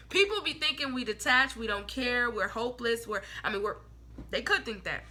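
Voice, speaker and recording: A young woman gives a loose, talkative tarot reading in a high, very bright voice. She speaks bluntly, swears casually, uses plenty of slang and slips into little voices for the people she quotes. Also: lively intonation, quick pace. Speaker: tarot reader.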